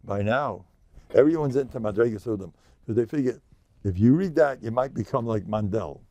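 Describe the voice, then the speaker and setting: An older rabbi, dropping into his talk. His voice is gravelly and sits at an ordinary pitch, recorded dry and close. He lectures in a joking, boastful, self-mocking way. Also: animated, moderate pace, mellow, no room sound. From United States. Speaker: rabbi giving a class. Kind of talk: informal Torah lecture.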